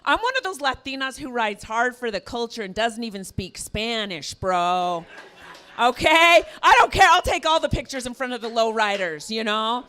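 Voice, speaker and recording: Woman comic from the American West, sarcastic stage set, crisp bright voice. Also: fairly high pitch, lively intonation, normal speed. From American West (Arizona). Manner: sarcastic, self-mocking punchlines. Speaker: stand-up comedian. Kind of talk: stand-up comedy set. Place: comedy venue stage.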